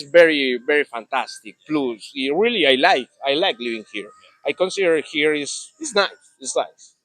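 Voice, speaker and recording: A young man with a Colombian Spanish accent, a native Spanish speaker, talking in an interview in halting English with many restarts. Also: fairly high pitch, fairly bright tone, no room sound. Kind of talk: casual interview talk.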